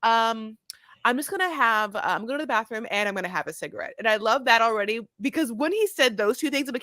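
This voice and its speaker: A young woman with a bright, high-leaning voice chats loosely as a podcast co-host. She acts out quotes, swears freely and recaps with animated energy, recorded close and dry. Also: quick pace, dry recording. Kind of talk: casual reality-TV recap chat.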